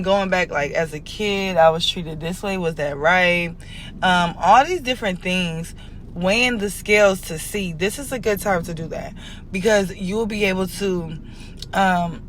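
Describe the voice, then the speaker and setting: A woman's voice: on the low side, fairly bright tone, a little hiss or hum. A woman talking casually as an astrologer and spiritual reader, candid and emotional, rambling loosely and checking in with her viewers. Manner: addresses viewers directly, checks in often. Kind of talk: casual confessional astrology talk.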